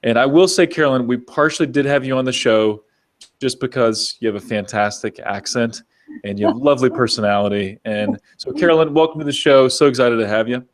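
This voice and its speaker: A podcast host runs a business interview show in an upbeat, chatty way, speaking briskly in a mid-range voice. He's enthusiastic and often restarts his words.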